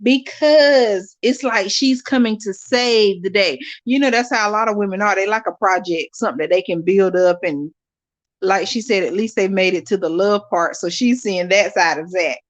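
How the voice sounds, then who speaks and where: A woman hosting a live watch-along, reading viewer comments aloud and chatting casually to her audience, animated and quick to laugh. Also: medium pitch. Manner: animated, laughs often, talks straight to viewers. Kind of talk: casual live-stream chat.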